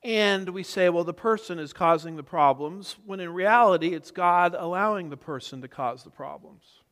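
A man's voice: sits high, moderate pace, a bit bright. A man preaching an expository sermon, teaching emphatically and driving home repeated points. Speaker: pastor. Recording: reverberant hall.

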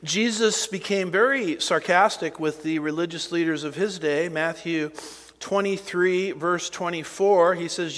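A man pastor preaching a sermon slowly and deliberately, with emphatic rises and conversational asides. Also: high-pitched, fairly bright tone. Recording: long hall reverb.

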